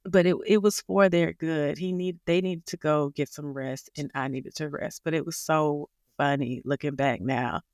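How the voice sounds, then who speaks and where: A woman as a podcast guest, telling a personal story in a casual, animated way and laughing along the way. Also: low-pitched, normal speed, hardly any pauses, dry recording, clean studio sound.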